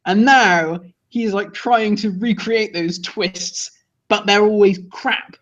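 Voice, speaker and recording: A man co-hosting a casual review chat, animated and indignant, laughing often. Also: high-pitched, takes it slowly. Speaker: co-host. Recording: dull lo-fi recording.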